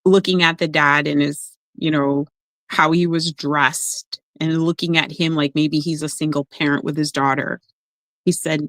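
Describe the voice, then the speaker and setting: A woman who works as an emotional coach, talking in a casual podcast conversation and telling stories with lively acted-out voices. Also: low voice, measured pace, no room sound. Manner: animated storyteller, acts out quoted voices.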